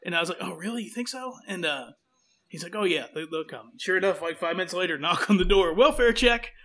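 A man's voice: high voice, fast, bright, forceful tone. A man telling a long rambling story in casual chat, acting out what people said. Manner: rambling, self-deprecating, acts out quotes.

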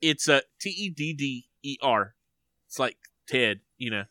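Bright, teasing male podcast co-host. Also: mid-range voice, a little slow, dry recording. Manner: chatty, teasing, animated when excited. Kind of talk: casual sports podcast chat.

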